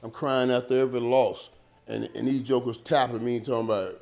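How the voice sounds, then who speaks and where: A man in his fifties sits in as a guest and tells stories in a loose, slangy, lively way. His voice sits in an ordinary middle pitch, and he keeps repeating words and playing out the lines of the people in his stories. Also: a little fast, creaky. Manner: animated, slangy, repeats words and acts out quotes. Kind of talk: casual storytelling.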